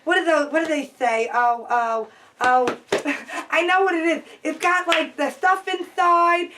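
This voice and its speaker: Eager young woman in glasses, played by a woman; very high, breathless, gushing, for an improv sketch. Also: steady tone, measured pace, recorded from a distance, background noise. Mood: rambling. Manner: gushing, breathless, giggly, rambling.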